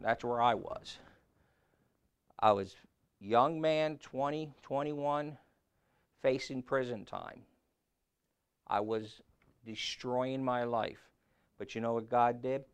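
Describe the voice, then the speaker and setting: Gravelly-voiced man preaching, loud and soft. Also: mid-range voice. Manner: swings from quiet talk to loud scripture reading. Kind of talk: sermon.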